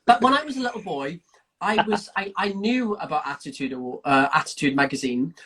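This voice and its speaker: A man's voice: a little high, lively intonation, fairly quick, fairly bright tone, slightly rough. A middle-aged man co-hosting a live video chat, teasing and emotional as he asks questions. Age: older than the guest, middle-aged. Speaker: co-host asking questions. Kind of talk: casual chat on a live stream. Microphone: phone on a video call.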